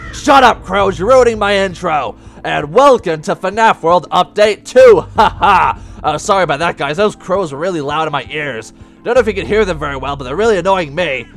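Man playing a gravelly hot-headed pirate fox. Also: sits high, lively intonation, normal speed, faint music behind. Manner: pirate talk, hot-tempered, loud outbursts. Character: brash male animatronic pirate fox. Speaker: let's play gamer in character.

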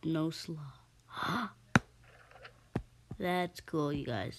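A woman's voice: low-pitched, expressive, drawn-out words, long pauses, noisy background. A woman hosting a casual game-play video, chatty and rambling, full of ums and asides to her viewers, and slightly out of breath. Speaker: gaming channel host.

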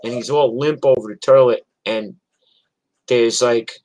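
Slow, rambling older storyteller man. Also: medium pitch, steady tone, darkish tone, low-quality recording. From New York. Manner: rambling, profane, many restarts. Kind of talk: casual spoken storytelling.

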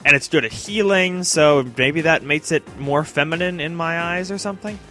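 A man's voice: fairly high pitch, normal speed, pushed and bright, soft background music. A young man chatting casually over his gameplay in a self-mocking way, often talking straight to the game's characters. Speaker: let's play commentator.

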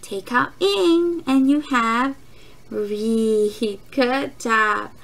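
A kindergarten teacher leads a phonics lesson for young children, pronouncing words slowly and clearly and repeating them so the class can echo her. Her voice is on the high side with a fairly bright tone.

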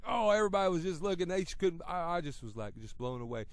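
A middle-aged man with a high voice preaches on the radio. His tone moves from easy, conversational storytelling to loud, emphatic preaching, and the recording is dry and close. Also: very animated, fast talker, no room sound. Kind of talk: sermon.

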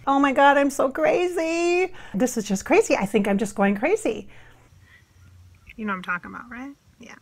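A woman vlogging casually as a psychic, rambling and sassy, laughing often as she talks out loud. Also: high-pitched, animated, moderate pace. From Minnesota, US. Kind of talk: casual blooper vlog talk. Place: home, car and outdoors.

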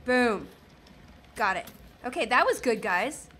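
Bubbly lady streamer joking through a game, bright lively voice. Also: fairly high pitch, takes it slowly, a little hiss or hum. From southern United States. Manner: chatty, animated, jokey. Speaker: gaming streamer. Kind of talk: casual gameplay commentary.

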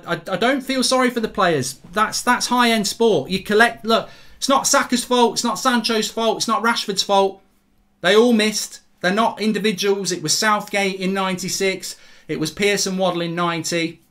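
A man's voice: high-pitched, fairly bright tone. A middle-aged English man giving a blunt, sweary live reaction to a football match.

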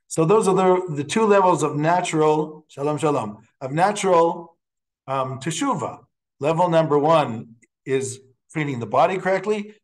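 A man teaching as a rabbi in a lecture, talking in halting phrases with frequent restarts and telling stories with quiet laughs. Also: on the high side. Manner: storytelling with laughs and Hebrew quotes. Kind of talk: classroom lecture.

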